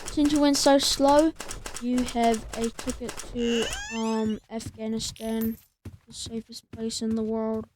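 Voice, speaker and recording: Woman, high-pitched, casual gameplay talk, counts doors aloud, faint background hiss. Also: flat delivery, slow pace. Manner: chatty, talks to the game's monsters and counts doors aloud. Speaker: gameplay streamer. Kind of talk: casual let's-play commentary.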